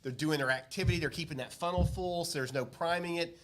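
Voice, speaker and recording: Brief: man, fairly high voice, relaxed joking business co-host. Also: fast. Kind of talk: casual business chat.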